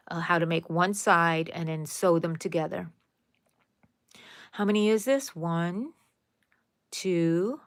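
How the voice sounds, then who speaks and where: Woman, crochet tutorial host, lower voice, chatty and folksy, dry close mic. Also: dry recording. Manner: chatty, talks to viewers as y'all, counts stitches aloud.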